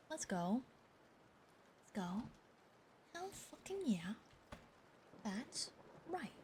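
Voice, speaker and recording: High, slow-spoken woman ASMR streamer. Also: very animated, a little mellow, a little hiss or hum. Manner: playful, giggly, swears casually; whispers often. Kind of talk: soft-spoken ASMR livestream chat. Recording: rain ambience behind voice.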